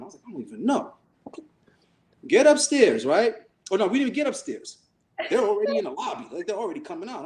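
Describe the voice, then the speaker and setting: A man on a podcast tells a story in casual chat, and his pitch swings widely as he goes. He acts out each quoted line and curses without holding back. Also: quick pace. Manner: animated, acts out quoted voices, swears freely. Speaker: podcast co-host.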